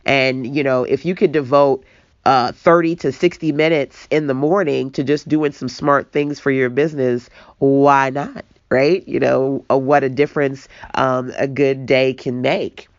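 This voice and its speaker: A woman coaching entrepreneurs in a casual online talk, animated and self-mocking, speaking straight to her viewers. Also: rumbling low, unhurried, no echo, highs cut off. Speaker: business coach. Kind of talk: casual webinar teaching.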